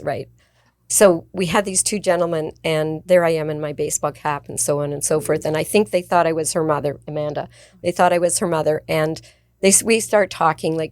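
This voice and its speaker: A woman's voice: low-pitched, fairly even intonation, fairly quick, darkish tone, dry recording. A woman in her seventies, a guest author, telling anecdotes in casual conversation and laughing often. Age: 70s. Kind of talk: casual storytelling chat.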